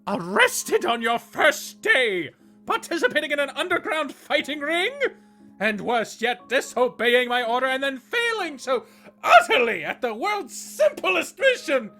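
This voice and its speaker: A man voicing a shrill, furious middle-aged woman bishop scolding her daughter. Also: lively intonation, measured pace, soft background music. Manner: scolding, shouting.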